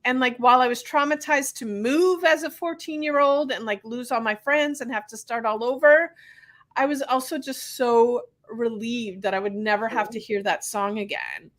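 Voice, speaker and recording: A woman with a high, very bright voice, hosting a casual podcast conversation. She talks in an earnest, conversational way, sharing a personal story. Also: moderate pace. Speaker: podcast host, physical therapist.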